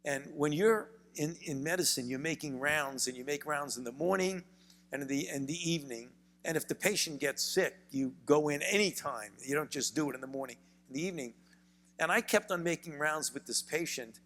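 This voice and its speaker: An older man with a Brooklyn accent, a physician telling stories in a measured way during an onstage interview. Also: on the high side, fairly bright tone, long reverb tail. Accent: Brooklyn, New York. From United States. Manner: measured storytelling, frequent repeated words. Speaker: physician and author, interview guest. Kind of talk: onstage conversation. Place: university event hall.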